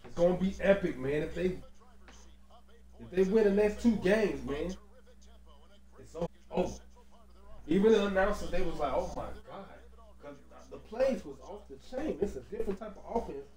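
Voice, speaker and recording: A man giving loose, slangy, excitable commentary over a basketball video game, peppering his talk with casual fillers. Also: sits high, moderate pace, pauses often, echoey room. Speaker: gaming commentator.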